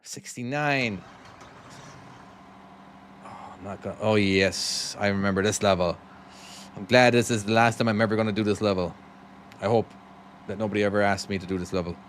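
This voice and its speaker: A man with a Cork Irish accent softened by years in America, chatting casually with viewers and thanking them while he plays a trucking game on a live stream. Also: fairly low pitch, moderate pace, long pauses, a little hiss or hum. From Ireland.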